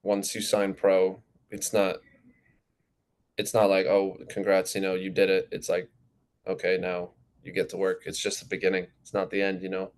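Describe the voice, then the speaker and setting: A teenage young man from New Jersey, answering interview questions in a relaxed, rambling way with plenty of fillers. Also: sits low, normal speed. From New Jersey, USA. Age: teens. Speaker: goalkeeper guest.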